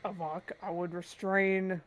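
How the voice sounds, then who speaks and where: A woman's voice: lowish voice, level tone, measured pace, slight background noise. Chatty woman player in a tabletop game. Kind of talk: casual tabletop game chat.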